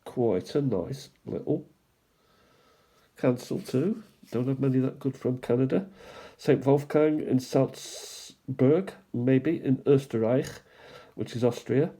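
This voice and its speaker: A man hosting a stamp collecting channel, musing aloud in an unhurried way as he shows stamps one by one, with small asides. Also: mid-range voice, mellow. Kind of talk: casual show-and-tell commentary.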